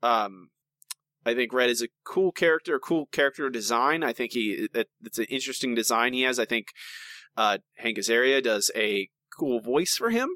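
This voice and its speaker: Animated, opinionated podcast host man. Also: medium pitch, normal speed, dry recording. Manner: animated, rambling, opinionated, with many restarts. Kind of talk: casual chat.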